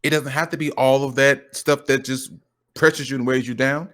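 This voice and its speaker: A man in a casual, heartfelt chat, talking with lively emotion and frequent restarts. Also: mid-range voice, normal speed. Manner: animated, emotional, lots of restarts and quoted dialogue. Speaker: streamer.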